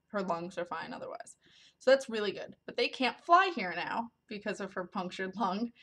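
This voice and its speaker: A woman vlogger telling a story to camera in a casual, rambling way, with lots of ums and likes. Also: medium pitch. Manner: rambling, filler-heavy, many ums and likes.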